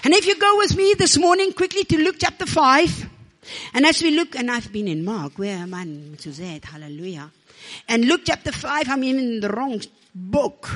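Woman preacher, high voice, a bit rough and froggy, fired up and calling for amens. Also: moderate pace, a faint crowd. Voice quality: slightly rough voice from a damaged vocal cord. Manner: animated storytelling, calls for amens and praise. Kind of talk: sermon.

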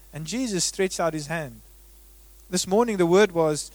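A man preaching a sermon as a pastor. He swings between loud, emphatic bursts and hushed, drawn-out words. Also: high voice, dry recording.

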